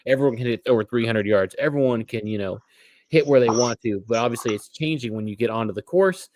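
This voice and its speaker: A man's voice: mid-range voice, fast, darkish tone, a little hiss or hum. A man co-hosting a casual podcast, chatting loosely and rambling with fillers. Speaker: podcast co-host. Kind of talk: casual chat.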